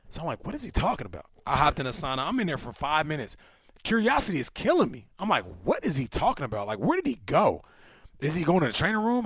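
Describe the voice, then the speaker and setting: Thirtysomething guy telling old football stories, gets loud and animated on the quotes, dry close mic. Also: dry recording. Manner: animated storyteller, acts out quotes with big pitch swings. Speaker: podcast co-host, former NFL receiver. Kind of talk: casual storytelling chat.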